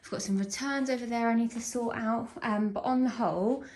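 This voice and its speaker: A woman's voice: on the high side, steady tone, fairly quick, darkish tone. A young woman chatting casually in her home vlog, rambling a little and laughing often as she tidies, filmed on a handheld phone. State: out of breath. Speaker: vlogger. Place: home, walking between rooms. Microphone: handheld phone camera.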